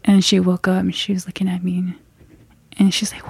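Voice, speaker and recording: A young woman from the Navajo Nation telling a true scary story from her own life. She halts and restarts as she builds suspense, and often drops to a hushed whisper at the tense moments. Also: on the low side, monotone, brisk, vocal fry, breathy edge, no echo. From Navajo Nation, US Southwest. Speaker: guest storyteller.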